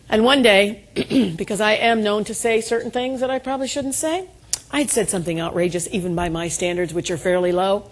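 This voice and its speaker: A woman's voice: mid-range voice, fairly quick. A middle-aged woman giving a motivational keynote to an audience, telling stories with self-deprecating humor and calling for responses. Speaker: keynote speaker. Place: event room before an audience.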